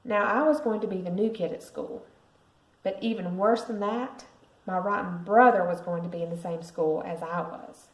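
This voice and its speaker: A woman, a parent, reading a picture book aloud to a school class with lively expression. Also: mid-range voice, normal speed. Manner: expressive storytelling. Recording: roomy echo.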